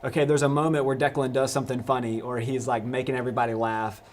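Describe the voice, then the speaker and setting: A man's voice: medium pitch, little pitch movement, quick pace. A young man hosting a live youth discussion, casual and rambling, with many restarts. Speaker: youth pastor host.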